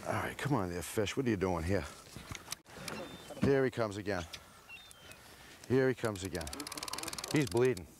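A man hosting a fishing show, giving excited on-the-spot commentary from an open boat at sea. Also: lowish voice, unhurried, pauses often. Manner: coaching, exclaiming over the catch. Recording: loud wind and engine noise outdoors.

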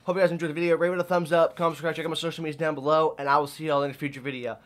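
A young man with a somewhat high voice, a little out of breath, talks through his purchases in a loose, rambling vlog. He fills his sentences with "uh" and "um" and keeps a casual, friendly flow as he recaps the trip. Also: flat delivery, racing, background noise. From Arkansas. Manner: chatty, rambling, with fillers. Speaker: vlogger. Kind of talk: casual vlog haul talk.

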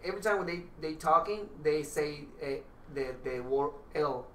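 A man's voice: a little high, moderate pace. A man talking as a guest in a casual podcast chat, chatty, with non-native English phrasing. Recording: roomy, distant mic with faint noise.

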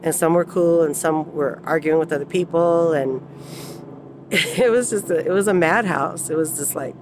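A woman's voice: sits low, moderate pace, noisy background. Rambling woman vlogger, laughing often. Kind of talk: casual personal storytelling.

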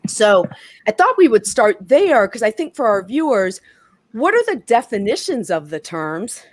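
Bright, chatty woman hosting. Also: on the high side, sing-song, a little slow, dry recording. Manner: upbeat, laughs often, cheers people on. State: out of breath. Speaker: host. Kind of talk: casual talk show hosting.

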